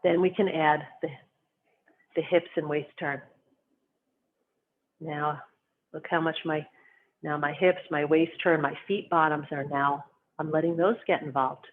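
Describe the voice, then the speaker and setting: A qigong instructor calmly guiding students step by step through slow movement and stretching exercises. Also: mid-range voice, a little hiss or hum. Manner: calm, gently instructive, cueing each movement. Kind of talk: guided movement lesson. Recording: tinny phone-like sound.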